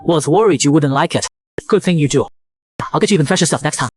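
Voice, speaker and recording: A smug, overbearing male shark who keeps teasing and pressing his claim, as a male narrator puts him on. He talks fast in a slightly high voice, with little change from the storyteller's own. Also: slight background noise, close to an everyday voice. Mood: coaxing. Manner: teasing, persistent, possessive. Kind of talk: comic recap narration.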